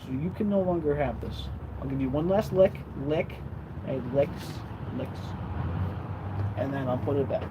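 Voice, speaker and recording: A young male streamer chats loosely and profanely, his voice sitting a bit high and jumping up into sing-song baby talk at his dog. Loud cars and street noise wash over the outdoor mic. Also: moderate pace. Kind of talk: casual livestream chat. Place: outdoors by a street, later indoors.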